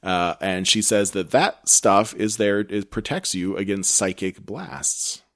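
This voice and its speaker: A man's voice: lowish voice, a little slow, fairly bright tone. A man co-hosting a podcast, recapping a TV episode in a rambling, self-correcting casual chat. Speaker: podcast co-host.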